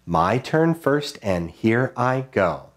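Slow, patient male music teacher. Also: medium pitch, sing-song. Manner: slow, patient, chanting rhythm syllables. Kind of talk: online music lesson for children.

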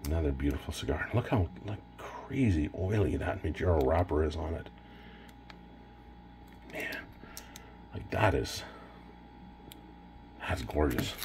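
A man's voice: very deep voice, lively intonation, takes it slowly, long pauses, noisy background. A Canadian man casually showing off cigars in a vlog, enthusiastic and rambling with fillers. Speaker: cigar reviewer.

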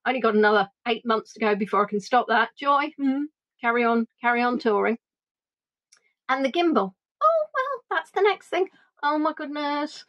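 A middle-aged woman with a fairly high voice, talking as a virtual tour guide. She reminisces in a bubbly, playful way and throws in funny voices for the people in her stories. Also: moderate pace, muffled recording. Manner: animated, playful, acts out quotes in funny voices. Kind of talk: chatty reminiscing monologue.

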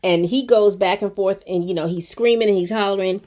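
A woman's voice: mid-range voice, a little fast, very noisy. Chatty woman retelling a TV episode. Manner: chatty, expressive storytelling with lots of fillers; colloquial, talks straight to viewers. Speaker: TV show reviewer. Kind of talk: casual recap of a TV episode.

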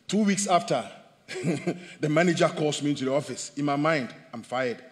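High-voiced preaching man in a big hall. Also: normal speed. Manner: animated preaching, swinging from loud to hushed. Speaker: pastor. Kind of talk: sermon. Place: church hall.

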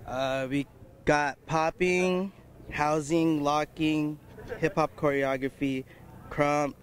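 A man's voice: a little high, steady tone, slow pace. A man from a dance crew chatting in a playful, joking way and laughing often. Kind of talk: casual joking chat.

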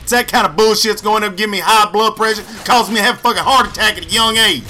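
A man's voice: high voice, fast, pushed and bright, soft background music. A young man giving angry, profane, sarcastic commentary over gameplay footage as a channel host.

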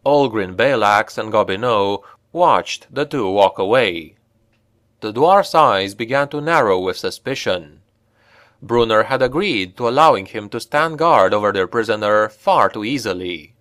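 A male narrator reading a grim fantasy tale with slow, measured pacing. His voice sits fairly low. The recording is dry and close. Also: dry recording. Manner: steady, measured storytelling. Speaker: audiobook narrator.

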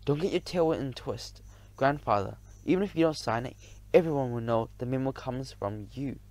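A man's voice: mid-range voice, normal speed, a little mellow, dry recording, natural voice. A man voicing a fretful male mouse newspaper editor who protests nervously. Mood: protesting.

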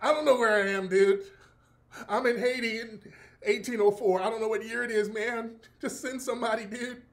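A man putting on a shrill, whining actor in a French costume who keeps swearing about his injury. The voice jumps far above the speaker's usual pitch and comes out loud and strained, with a complaining edge. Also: steady tone, normal speed. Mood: panicked.

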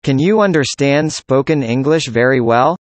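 Speaker doing practice conversation lines, plain even delivery, dry close sound. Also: mid-range voice, moderate pace, no echo. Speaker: dialogue reader.

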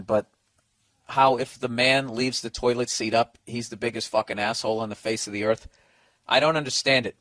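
A man's voice: mid-range voice, a bit bright, no room sound. A man hosting a podcast, giving comedic advice to listener letters in a profane, exasperated rant.

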